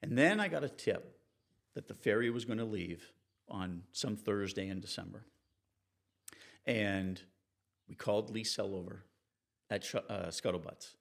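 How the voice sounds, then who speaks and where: Man telling lively newsroom war stories. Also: measured pace, creaky, long pauses. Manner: animated, acts out quoted people with raised pitch. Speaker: investigative TV reporter, guest. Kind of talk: conversational storytelling in an interview.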